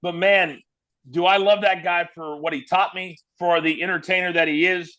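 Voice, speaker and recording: A man from Kansas, a former wrestling broadcaster, telling animated stories as an interview guest. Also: high voice, moderate pace. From Kansas, USA. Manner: lively, animated storyteller. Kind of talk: storytelling interview.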